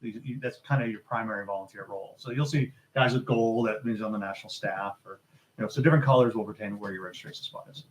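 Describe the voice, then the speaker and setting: Brisk, fast-talking man explaining. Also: fairly low pitch, poor audio. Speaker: scout leader guest. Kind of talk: casual chat.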